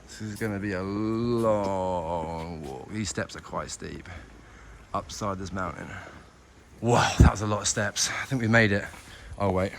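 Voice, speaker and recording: A young male travel vlogger with a low-pitched voice speaks unhurriedly to the camera as he climbs steep outdoor stairs. He's out of breath but chatty and self-mocking while narrating the hike, and the outdoor camera audio picks up clear background noise.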